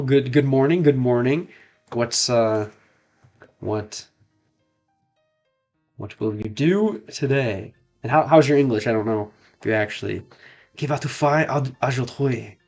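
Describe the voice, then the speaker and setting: An American man streams a game and chats casually in a medium-pitched voice over soft background music. He's learning French, so he tries out phrases haltingly and often stops to repeat himself.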